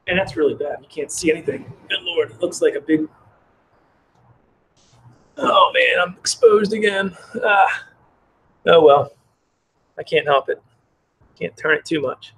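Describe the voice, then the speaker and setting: Man, casual live-stream brewer, rambling and friendly with chat, slightly high voice, outdoors on phone camera. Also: measured pace, long pauses, fairly bright tone, slight background noise, low-quality recording. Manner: chatty, reads chat aloud, rambling. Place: outdoors in the cold.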